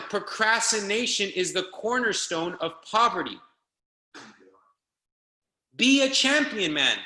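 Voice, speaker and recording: Fired-up high-voiced male motivational coach. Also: bright, forceful tone, echoey room. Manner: fired-up, hammering repetition, exhorting. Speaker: online business trainer. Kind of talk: motivational speech on a group call.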